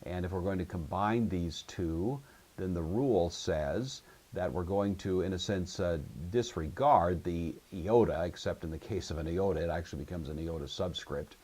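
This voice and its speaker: A man with a low, slightly husky voice gives a patient grammar lecture. He walks through each rule step by step and stops to check that his listeners follow. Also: moderate pace, a little mellow. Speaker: Greek teacher. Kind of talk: recorded classroom lecture.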